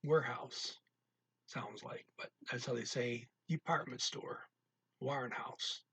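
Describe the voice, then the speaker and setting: A man's voice: steady tone, slow pace, breathy edge. A man teaching a language lesson in a casual way, explaining phrases word by word and repeating example sentences. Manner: reads target-language lines louder and higher. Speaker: language tutor.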